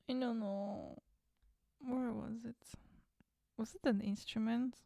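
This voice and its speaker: A woman's voice: on the high side, fairly even intonation, slow, gravelly, long pauses, warm tone, no echo. A woman talking to herself as she produces music at home, muttering, humming and now and then swearing. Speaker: music producer streaming a work session. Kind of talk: casual self-talk while producing music.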